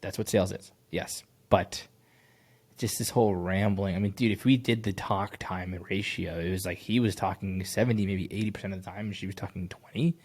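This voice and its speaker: A man critiquing a sales call, blunt and animated, swearing casually. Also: low-pitched, a little fast, breathy edge. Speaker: sales coach reviewing a call.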